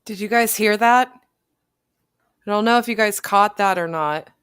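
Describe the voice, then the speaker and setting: A woman hosting a live stream, adding slow, relishing remarks to her viewers between clips. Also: mid-range voice, fairly bright tone, smooth, dry recording, clean studio sound. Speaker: host. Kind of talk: live-stream reaction commentary.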